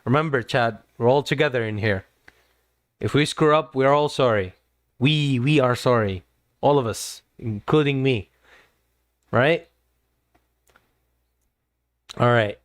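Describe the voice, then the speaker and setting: A man's voice: mid-range voice, measured pace, long pauses, no echo, studio quality. A man streaming live, talking to his chat in an earnest, lecturing way and often repeating himself. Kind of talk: casual livestream talk to chat.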